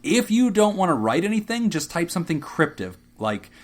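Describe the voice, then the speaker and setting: A man's voice: sits high, big pitch swings, moderate pace. A man co-hosting a casual podcast, reading out supporter thank-yous with frequent laughter. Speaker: podcast co-host.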